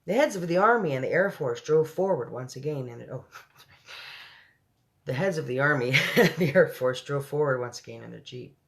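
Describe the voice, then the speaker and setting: A woman's voice: a bass voice, expressive, moderate pace, gravelly. A woman reading a children's book aloud, breaking off for chatty asides and laughing at her own slips. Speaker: storyteller.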